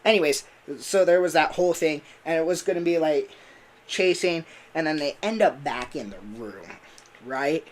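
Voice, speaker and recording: A man's voice: a little high, normal speed, slight background noise. A man who voices characters, chatting casually on a livestream in a rambling way with lots of fillers. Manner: rambling, full of fillers and laughs. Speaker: voice actor and streamer.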